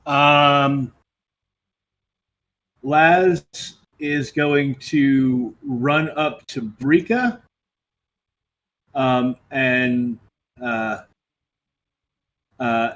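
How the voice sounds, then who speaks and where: Bright-voiced hesitant game player. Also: male voice, mid-range voice. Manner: hesitant, lots of ums, then quick rules explanations. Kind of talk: tabletop game play.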